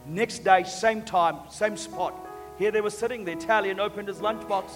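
Male pastor, high voice, energetic sermon delivery, echoey hall. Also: normal speed. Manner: emphatic, joking, repeats words. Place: church. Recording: long church reverb, faint music.

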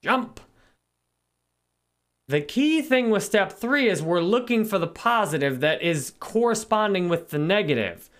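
A man hosting a live stream, calmly talking viewers through self-help steps and greeting them by name. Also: sits high, moderate pace, few pauses. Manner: calm, reflective, greets viewers by name between points. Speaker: live stream host and spiritual teacher.

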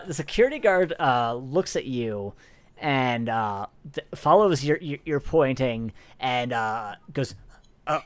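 A man's voice: medium pitch, a bit bright. A man running a tabletop game as its game master. He narrates in stop-start bursts, restarting his sentences and padding them with fillers. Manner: halting, lots of fillers and restarts.

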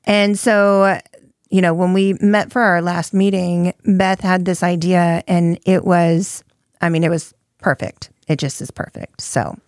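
A woman co-hosting a podcast, with a lowish voice and an easygoing delivery. The sound is dry and close, with no room around it. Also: a little slow, no room sound. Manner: relaxed and conversational, with frequent fillers. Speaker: podcast co-host. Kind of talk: casual chat.

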